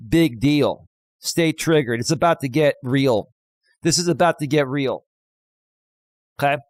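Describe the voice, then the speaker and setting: A man's voice: mid-range voice, a little slow, no echo. A man hosting a livestream, ranting in a combative, taunting way and repeating himself for emphasis. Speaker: livestream host. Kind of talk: confrontational livestream rant.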